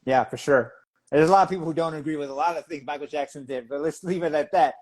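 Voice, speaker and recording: A man hosting a casual interview, affirming his guest in a quick, wry manner. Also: a little high, darkish tone. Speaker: interviewer, host.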